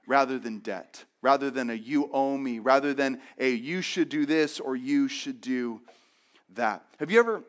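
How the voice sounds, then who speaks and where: Young man, pastor, sermon, high voice, animated storytelling, acted-out quotes.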